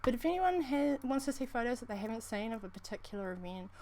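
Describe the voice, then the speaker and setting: A woman's voice: fairly high pitch, expressive, fast, warm tone, a little hiss or hum. Chatty New Zealand woman livestreamer. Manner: rambling, chatty, calls people honey, laughs often. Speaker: livestream co-host. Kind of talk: casual livestream chat.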